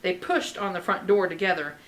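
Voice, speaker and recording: A woman reading a children's chapter book aloud with expressive delivery and chatty asides. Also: on the low side, brisk, poor audio. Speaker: reader.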